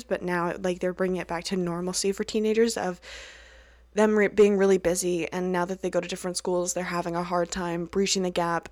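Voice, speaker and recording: Sweary, animated woman podcast host. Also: fairly low pitch, no echo. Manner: animated, sweary, laughs often, rants. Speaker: podcast host recapping a TV episode. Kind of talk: casual solo podcast recap.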